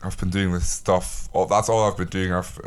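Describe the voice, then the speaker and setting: Deep, smooth-voiced young man chatting. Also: normal speed. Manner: relaxed, rambling with many restarts. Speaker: podcast co-host. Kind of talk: casual chat. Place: home, remote call.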